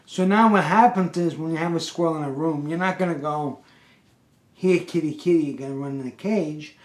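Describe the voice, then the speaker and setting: A man telling a comic story in an animated, exasperated, streetwise way. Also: fairly high pitch. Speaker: pest control worker and storyteller. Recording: roomy echo.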